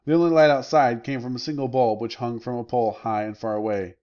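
A man, a teacher, reading a novel aloud as audiobook narration, in a measured, unhurried way. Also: medium pitch, fairly even intonation, darkish tone, lo-fi sound.

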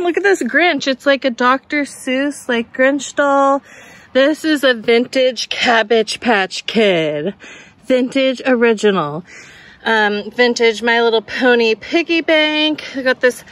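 A woman chatting casually through a shop-with-me vlog, excitable and laughing often as she shows her thrift finds. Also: sits high, dry recording. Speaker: thrift reseller vlogger. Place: busy thrift outlet store, then at home.

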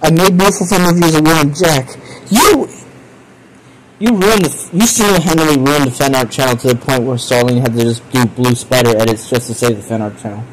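A man's voice: mid-range voice, fast talker, few pauses, slight background noise, poor audio. A young man streaming live, reacting to chat confessions in a profane, exasperated way with frequent laughter. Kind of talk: casual live stream commentary.

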